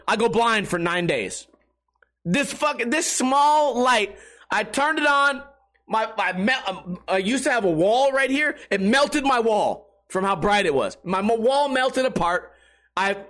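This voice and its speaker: High-voiced, profane man rambling on a podcast. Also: sharp tone. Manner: profane, rambling, self-mocking. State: tipsy. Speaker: podcast host. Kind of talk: casual comedic storytelling.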